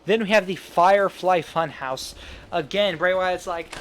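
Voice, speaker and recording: Rambling young-sounding man, high voice. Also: slight background noise. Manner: rambling, laughs at own jokes, quick asides. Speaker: fantasy booking commentator. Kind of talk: casual solo commentary.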